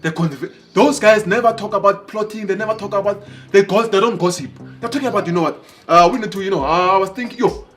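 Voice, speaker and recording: A man telling motivational stories in an animated way, breaking into excited exclamations. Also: high voice. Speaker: motivational speaker. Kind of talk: motivational storytelling.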